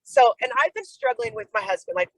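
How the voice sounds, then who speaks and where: Animated, gravelly woman telling a story. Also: extremely high pitch, brisk, no room sound, poor audio. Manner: animated storyteller who acts out quoted dialogue; fillers like "like". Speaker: program member sharing a story. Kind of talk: casual chat, storytelling.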